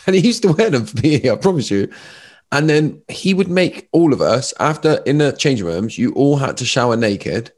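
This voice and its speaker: A man, telling lively stories as a podcast guest. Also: medium pitch, moderate pace. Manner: animated storyteller, lots of fillers. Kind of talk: casual chat.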